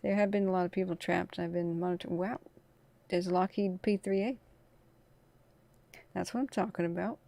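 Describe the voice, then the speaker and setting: Woman, low gravelly voice, tired, chatty livestream host. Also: steady tone, normal speed, pauses often, mellow. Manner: chatty, talks through radio traffic. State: tired from little sleep. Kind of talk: casual live commentary.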